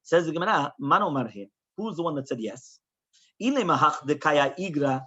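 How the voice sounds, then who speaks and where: Husky-voiced rabbi teaching Talmud. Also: male voice, on the high side, brisk, highs cut off. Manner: animated, asks rhetorical questions, mixes Hebrew and Aramaic. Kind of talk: Talmud class explanation.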